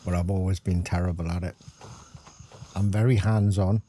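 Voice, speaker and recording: A man's voice: sits low, steady tone, moderate pace, warm tone, slight background noise. A middle-aged man, chatting casually and rambling as he gives gameplay commentary. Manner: chatty, rambling, self-deprecating. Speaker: gaming channel host.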